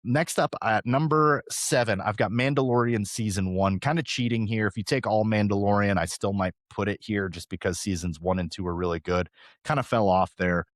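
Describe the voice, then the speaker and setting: A man in his thirties hosting a podcast, talking casually and fast, with an animated, rambling delivery. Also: fairly low pitch, no echo, clean studio sound. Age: 30s. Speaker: podcast host. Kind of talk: casual chat.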